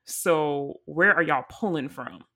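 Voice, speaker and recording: A woman's voice: low-pitched, pushed and bright. A woman co-hosting a casual group chat, thoughtful, laughing and stretching words for emphasis. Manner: reflective, laughing, drawn-out emphasis. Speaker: podcast co-host.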